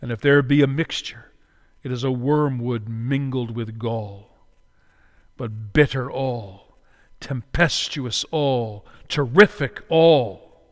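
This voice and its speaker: A man preaching a sermon as pastor, dramatic, moving between hushed words and loud cries. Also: medium pitch, slow pace, long reverb tail.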